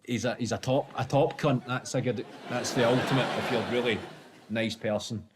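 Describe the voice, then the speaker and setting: A man's voice: mid-range voice, fairly even intonation, a little fast, very noisy. A Scottish man with a Glaswegian accent, a comedian guest in casual, laid-back comedic chat, laughing often. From Scotland.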